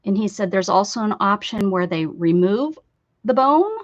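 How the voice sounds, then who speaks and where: A woman's voice: mid-range voice, expressive, normal speed. Chatty American woman, casual art stream, rambling and laughing, slightly dull lo-fi audio. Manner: chatty, rambling, laughs often and reads viewer comments aloud. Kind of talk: casual live-stream chat.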